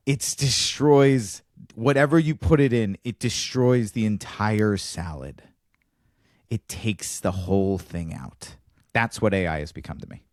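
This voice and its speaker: Male podcast co-host, low-pitched, animated stand-up storytelling, dry studio mic. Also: unhurried, no echo. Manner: animated storyteller, acts out dialogue with big pitch jumps. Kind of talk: casual chat, telling a stand-up bit.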